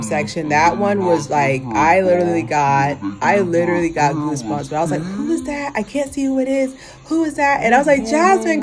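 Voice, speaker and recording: Chatty young woman with faint music. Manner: chatty, animated, lots of filler words and sudden high exclamations. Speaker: vlogger. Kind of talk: casual fashion-show review chat.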